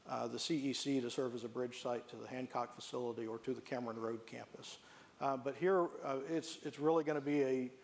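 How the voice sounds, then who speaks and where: A man, a health system executive, giving a measured presentation to a room of staff and listing services one by one. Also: medium pitch, a little mellow. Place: meeting room with a live staff audience.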